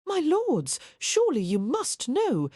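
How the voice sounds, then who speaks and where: Cool-headed young peacemaker, relaxed and polite; a woman reads him. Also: sits high, slow pace, no echo, clean studio sound, voice pushed up, heavily acted. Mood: calm. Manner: relaxed, reasonable, pleasant. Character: calm agile dark-haired young man.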